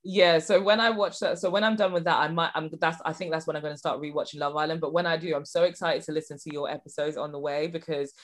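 Brief: young woman host, quick rambling delivery, slightly low voice, giggly chat. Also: steady tone. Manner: fast, rambling, giggly, lots of restarts. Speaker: podcast host. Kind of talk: casual chat.

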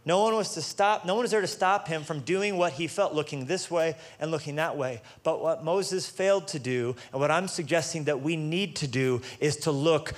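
A man preaching with a fairly high-pitched voice. He keeps the talk casual, joking and street-level, then drives his points home with emphatic stress. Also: normal speed, hardly any pauses. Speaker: pastor. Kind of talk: sermon.

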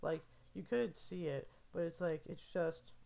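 A woman's voice: lowish voice, measured pace, gravelly, warm tone. A young adult woman rambling in a casual, filler-heavy podcast monologue, amused and meandering.

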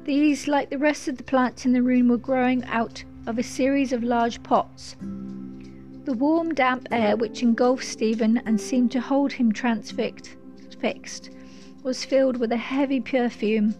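A woman narrating a storybook in a measured, descriptive way. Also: a little high, fairly even intonation, darkish tone, faint music behind.

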